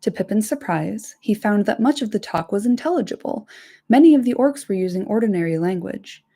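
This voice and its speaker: A woman's voice: medium pitch, animated, brisk, warm tone, husky. A woman hosting a book reading, narrating and breaking off into casual asides to live chat with some swearing. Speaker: host reading a book aloud.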